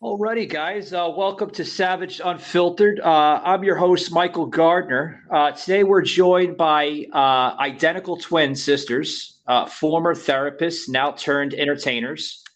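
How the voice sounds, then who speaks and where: Host, man from manhattan, slightly high voice, lots of uhs and restarts. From Lower East Side of Manhattan, New York. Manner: halting, full of "uh" fillers and repeated words. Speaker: podcast host. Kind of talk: casual interview chat.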